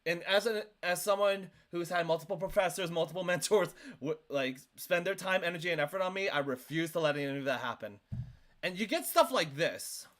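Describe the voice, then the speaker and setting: A male streamer doing reaction commentary into a desk microphone, talking in an animated, emphatic way with lots of "like". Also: high-pitched, fairly quick.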